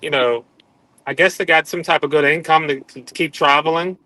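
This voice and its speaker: A man's voice: on the high side, fairly even intonation, normal speed, pushed and bright, no echo, low-quality recording. A man joining a live online chat as a guest, telling stories in an easygoing way and laughing easily, over a video call. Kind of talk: casual chat.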